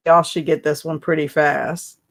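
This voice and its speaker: A woman's voice: low-pitched, level tone, normal speed. A woman hosting a casual live stream, chatting, laughing often and reading viewers' comments aloud. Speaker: livestream host.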